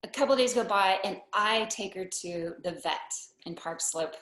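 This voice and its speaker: A woman telling a personal story live on stage, unhurried and wry, with deadpan asides. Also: medium pitch. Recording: roomy hall echo.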